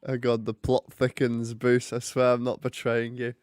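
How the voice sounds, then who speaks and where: A man's voice: mid-range voice, monotone, normal speed, darkish tone, no room sound. Chatty man, dry close sound. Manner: chatty, joking. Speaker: streamer hosting a hockey watch party. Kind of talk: casual live commentary and chat.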